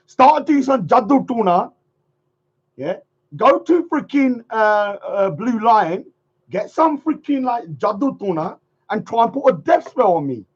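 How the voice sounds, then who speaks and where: A man's voice: extremely high pitch, expressive, slow pace, husky. A man hosting a livestream, ranting in a mocking, sarcastic way and repeating phrases in a sing-song. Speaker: livestream host. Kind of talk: casual livestream rant. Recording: dull lo-fi stream audio.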